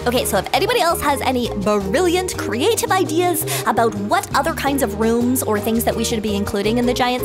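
Over background music, a woman with a somewhat high voice narrates a playful game story, excitable and chatty, full of gasps and asides.

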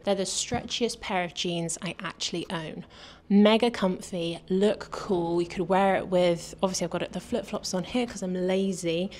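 A British woman from the UK with a lowish, slightly mellow voice chats enthusiastically through a fashion haul, a little out of breath. She's a fashion vlogger doing a casual try-on haul chat.

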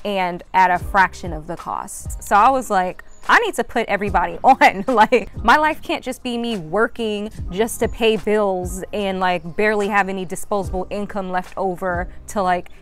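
A young American woman talks straight to camera for her travel vlog, bubbly and slangy, breaking into laughter often. She speaks at an ordinary middle pitch, recorded outdoors on a sunny day with faint music under her voice. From United States. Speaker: travel vlogger host. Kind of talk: casual vlog chat to camera.

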